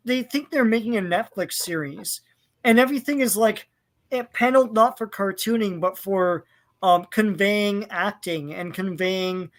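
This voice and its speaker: Opinionated man ranting about comics. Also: high voice. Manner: opinionated, fillers and profanity in rants. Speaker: podcast co-host. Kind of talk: casual chat.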